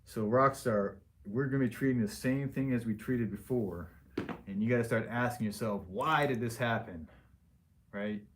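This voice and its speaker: A man's voice: mid-range voice, fairly even intonation, moderate pace, a little hiss or hum. A man speaking as a liposuction surgeon in a casual patient Q&A, frank and plain-spoken, with loose restarts.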